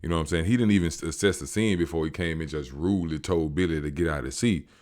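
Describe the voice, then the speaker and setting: Deep-voiced man, slangy animated recap. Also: fast talker. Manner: animated, slangy, acts out quotes. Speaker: show recapper. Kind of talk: casual storytelling recap.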